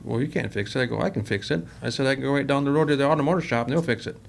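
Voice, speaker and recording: A man runs a company and talks about it in a loose, rambling way. He acts out both sides of every conversation he retells. His voice has a gravelly, fry-edged texture, with faint noise in the recording. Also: mid-range voice, very fast. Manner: rambling, acts out quoted dialogue. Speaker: company president, podcast guest. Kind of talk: casual storytelling interview.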